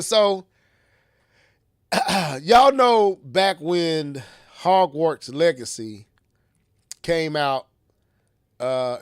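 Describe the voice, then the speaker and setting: A man hosting a podcast in casual, animated chat, slangy and full of restarts. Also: fairly high pitch, no room sound, clean studio sound. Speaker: podcast host.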